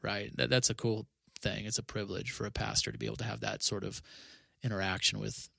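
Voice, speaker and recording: A pastor talks in a relaxed podcast conversation, his voice low and gravelly. He speaks earnestly, often restarting his phrases and tucking in 'you know', and the sound is close and dry with no room around it. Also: fast, no room sound.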